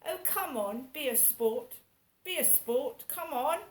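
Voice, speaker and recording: A woman's voice: high voice, expressive, takes it slowly, recorded from a distance. A woman mimicking a posh, pushy stranger with a plummy, coaxing voice. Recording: echoey room.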